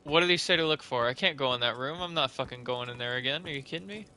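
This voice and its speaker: A man's voice: mid-range voice, fast, bright, forceful tone, clear, resonant tone. A man giving sarcastic, swear-filled commentary on a horror game as he plays, talking to himself and putting on a half-hearted accent. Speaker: let's play gamer. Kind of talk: casual gameplay commentary.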